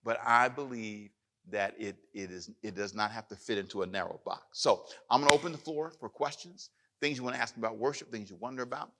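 A man pastor preaching a sermon, rising loud as he reads scripture, then taking questions in church. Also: mid-range voice, fairly quick. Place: church hall with live audience.

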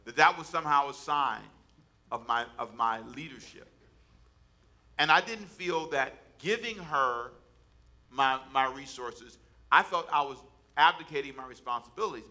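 A man's voice: medium pitch, normal speed, sharp tone. A man preaching a sermon as pastor, talking in a conversational way with asides to the congregation.

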